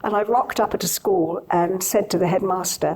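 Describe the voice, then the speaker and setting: A woman's voice: medium pitch, brisk, husky, rough recording. Older British woman recounting a story. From Britain. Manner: animated anecdotal telling with quoted dialogue and frequent restarts. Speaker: guest, TV journalist. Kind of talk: conversational storytelling. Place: on stage at a live event.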